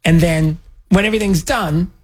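A man hosting a radio talk show, chatting casually and sarcastically, sometimes jumping into mocking high voices. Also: moderate pace, breathy edge.

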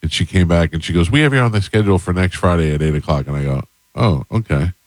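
A middle-aged male radio host with a very low voice tells a story in a relaxed, deadpan way, playing both sides of his phone calls. He is recorded close on a studio mic in a dead-dry room. His delivery stays unhurried and matter-of-fact. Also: dry recording. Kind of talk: casual on-air chat and storytelling.

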